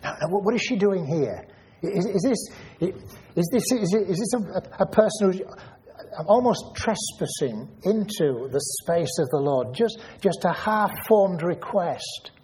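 A man's voice: sits high, lively intonation, measured pace, a little mellow, slight background noise. A man preaching a Bible study sermon, thinking aloud and asking questions, often repeating his words.

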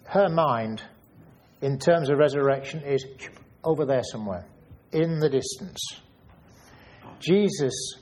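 A man's voice: medium pitch, expressive, unhurried, long pauses, a little mellow. A man preaching a Bible study sermon, thinking aloud and asking questions, often repeating his words.

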